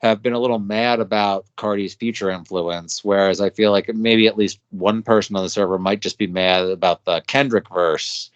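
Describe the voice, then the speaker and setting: Deep-voiced man, laid-back, dry sound. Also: fairly even intonation, normal speed, hardly any pauses, smooth, no echo. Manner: laid-back, lots of filler likes. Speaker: podcast co-host. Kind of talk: casual music discussion. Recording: dry, dull lo-fi audio.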